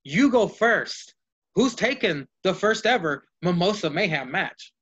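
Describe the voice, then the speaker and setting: A man's voice: big pitch swings, a little slow, fairly bright tone, slightly rough. A man hosting a casual podcast chat, profane and playful, leading the talk and asking his co-hosts for picks. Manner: profane, acts out comic scenes in high squeaky voices. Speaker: podcast host.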